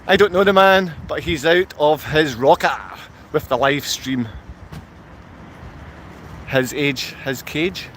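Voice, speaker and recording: A Scottish man talks off the cuff on a live stream, his voice sitting a touch higher than most men's. He wanders from one thought to the next and answers the comments he reads out. Faint traffic hums behind him in an outdoor car park. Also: slow pace, long pauses, fairly bright tone. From Scotland. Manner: rambling, reads viewer comments aloud and answers them. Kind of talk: rambling live-stream monologue.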